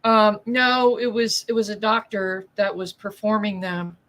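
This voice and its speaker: A woman co-hosting a casual chat podcast, emphatic and quick to agree. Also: medium pitch, level tone, fairly bright tone, rough recording. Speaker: podcast co-host.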